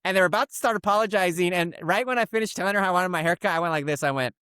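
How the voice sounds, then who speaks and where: Animated, profane podcast storyteller man. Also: high-pitched, rapid-fire, smooth, dry recording, clean studio sound. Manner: animated, profane, rambling with many "like"s. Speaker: podcast co-host. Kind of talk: casual comedic storytelling.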